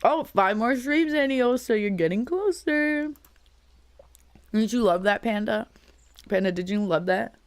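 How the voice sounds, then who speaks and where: A young woman streamer rambles and laughs through a casual chat with her viewers, her voice a touch high and cracking now and then. She talks slowly into a close, dry mic, with a smooth, clean tone. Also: lively intonation, no echo. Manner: rambling, chatty, laughs often. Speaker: live streamer.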